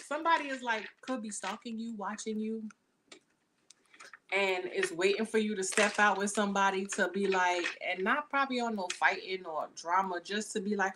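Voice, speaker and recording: A woman's voice: mid-range voice, a little fast, fairly bright tone, a little hiss or hum. A woman giving a casual tarot reading to camera, talking in blunt, slangy, profane chatter into the camera mic. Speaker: tarot reader.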